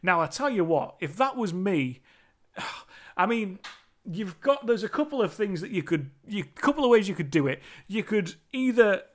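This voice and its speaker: A man's voice: high voice, big pitch swings, moderate pace. A man recapping a film scene in a casual, emphatic, sweary way, often repeating himself. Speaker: movie reviewer.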